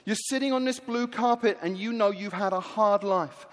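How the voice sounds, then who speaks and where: A male preacher giving a rousing sermon in a large hall, telling the story in a lively way. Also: high-pitched, normal speed, few pauses.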